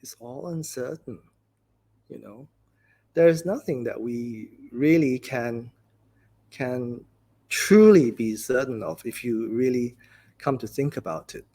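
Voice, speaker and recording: Breathy, gentle male monk giving a dharma talk. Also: medium pitch, slow. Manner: gentle, conversational storytelling with many "you know"s. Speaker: Buddhist monk teacher.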